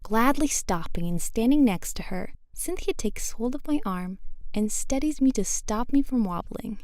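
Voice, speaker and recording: A woman's voice: a little high, animated, normal speed, a little mellow, dry recording, clean studio sound. A woman with a British accent narrating a first-person story in a wry, self-conscious tone. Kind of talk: scripted audiobook narration.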